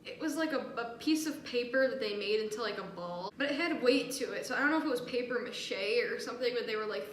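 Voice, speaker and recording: A woman's voice: on the high side, moderate pace, hardly any pauses. A young woman co-hosting a casual talk show, telling a story with lots of laughs and fillers. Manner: animated, laughs often, filler-heavy. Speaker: podcast co-host. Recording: echoey room with faint noise.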